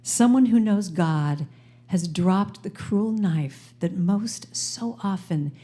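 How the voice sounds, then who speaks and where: A middle-aged woman giving an inspirational talk at a live service, playful and animated, getting the audience to repeat phrases after her. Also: mid-range voice, slow pace, breathy edge. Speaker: guest speaker and singer-songwriter. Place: live service in a spiritual center.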